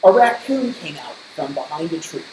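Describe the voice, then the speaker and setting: A woman reading a children's storybook aloud in slow, measured narration. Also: sits low, big pitch swings, a little mellow. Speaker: storybook reader. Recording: roomy echo, faint hiss.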